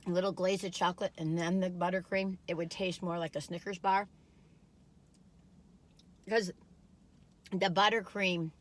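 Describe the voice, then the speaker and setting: A woman's voice: medium pitch, a bit bright. Giggly middle-aged lady rambling on while she tastes stuff, super chatty. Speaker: food reviewer. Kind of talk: casual chat while taste-testing.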